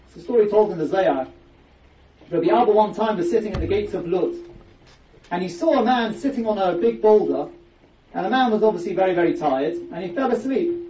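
Man, Torah lecture, high mellow voice, distant echoey dull recording. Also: slight background noise. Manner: explains with emphatic rhetorical questions. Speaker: rabbi giving a Torah class.

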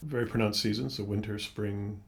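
An older American man with a low, gravelly voice, speaking in a church office. He is a pastor reminiscing in a thoughtful, rambling manner, with a mild accent from Boston. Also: fairly even intonation, a little hiss or hum. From United States (Boston). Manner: reflective, meandering, unhurried storytelling. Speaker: pastor and interview guest. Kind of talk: casual conversation.

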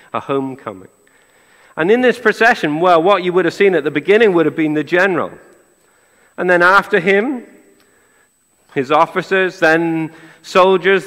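A man's voice: a little high, fairly bright tone, in a large hall. A middle-aged man preaching a sermon in a conversational way, with rhetorical questions and a playful, sarcastic humor. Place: church.

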